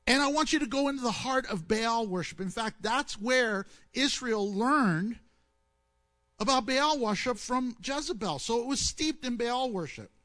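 A man preaching a sermon, telling stories with questions to the listeners and acting out the quoted voices. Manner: animated storytelling, asks the audience questions and answers them; acts out quoted voices with swings in pitch and loudness.

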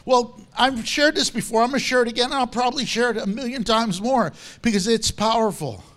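A man preaching a sermon with animated storytelling, acting out the quotes he tells. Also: very high voice, a little fast.

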